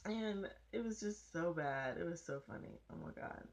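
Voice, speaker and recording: Low-voiced young woman telling a blunt story. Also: moderate pace. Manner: animated, blunt, profane storytelling. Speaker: vlogger. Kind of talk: casual storytime.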